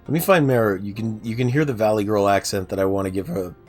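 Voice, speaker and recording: A man's voice: on the low side, fast talker, a little mellow, faint music behind. A man casually chatting on a game livestream, self-deprecating and answering viewers' chat. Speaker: game streamer.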